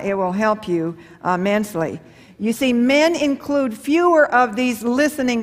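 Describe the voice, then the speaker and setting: A middle-aged woman giving a live seminar on marriage and communication, talking folksy and animated, with rhetorical questions and acted-out quotes. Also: medium pitch. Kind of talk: seminar talk to a live audience. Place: large hall or church with an audience. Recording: live hall with long reverb.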